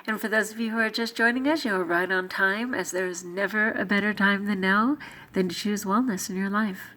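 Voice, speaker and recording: A woman vlogger and teacher, thinking aloud in a soft-spoken, musing way and sometimes dropping to a whisper. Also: mid-range voice, steady tone, a little fast. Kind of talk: reflective casual vlog talk.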